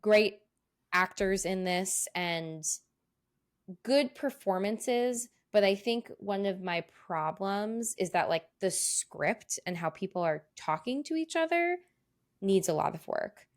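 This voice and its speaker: A woman's voice: mid-range voice, lively intonation, slow. A woman co-hosting a podcast, chatting casually, laughing often and swearing offhandedly. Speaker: podcast co-host. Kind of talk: casual chat.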